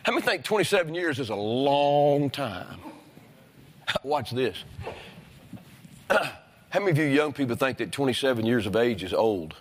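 A man's voice: medium pitch, sing-song, measured pace, long pauses, in a large hall, a little hiss or hum. A male pastor preaching a sermon, emphatic and repeatedly questioning his congregation. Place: church sanctuary.

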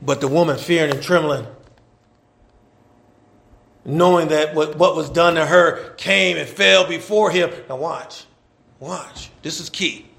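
A man preaching a sermon, repeating his phrases for emphasis and moving between soft asides and loud, shouted points. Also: a little high, vocal fry.

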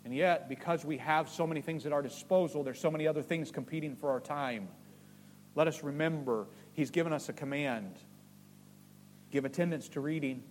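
A man preaching a sermon as pastor, animated and jokey, with voiced asides. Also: fairly high pitch, fairly quick, long reverb tail, a little hiss or hum.

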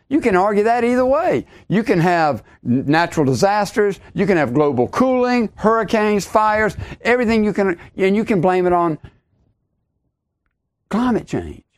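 A middle-aged man preaching a podcast sermon, emphatic, repeating his key lines and rising sharply on exclamations. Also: high voice.

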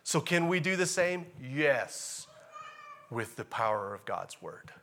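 A man preaching a sermon in a casual, animated way, repeating key phrases and rising to loud emphatic bursts. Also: medium pitch, slow, a little hiss or hum. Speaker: pastor.

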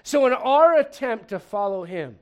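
High-voiced pastor guy from puerto rico, jokey sermon, keeps restarting his sentences. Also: normal speed. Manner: animated, joking, restarts sentences, acts out voices.

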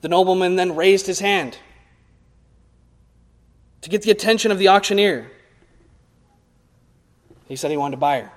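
A young male preacher with a notably high voice delivers an earnest sermon. He swells to loud, forceful peaks and then drops to quiet, low lines. The sound carries a long reverb, like a large hall. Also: moderate pace, long pauses.

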